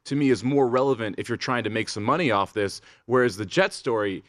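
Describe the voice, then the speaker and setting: A man's voice: medium pitch, a little fast, a bit bright, dry recording, clean studio sound. A man co-hosting a sports betting show, talking casually and emphatically. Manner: emphatic, rising into exasperated questions. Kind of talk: casual sports radio banter.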